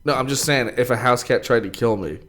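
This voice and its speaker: A man's voice: medium pitch, brisk, a bit bright. A man hosting a podcast, telling rambling stories in casual chat, laughing often and swearing freely. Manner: rambling storyteller, laughs a lot, heavy swearing. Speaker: podcast host.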